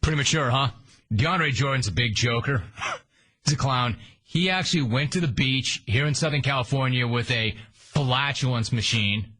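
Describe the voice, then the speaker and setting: A man's voice: medium pitch, pushed and bright. Sarcastic, punchy male radio host. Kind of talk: sports talk radio monologue.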